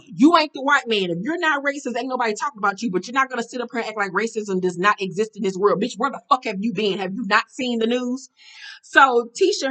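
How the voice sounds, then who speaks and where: A woman's voice: a little high, sharp tone. Blunt, profane woman vlogger. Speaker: vlogger recapping a reality show. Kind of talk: casual storytelling recap.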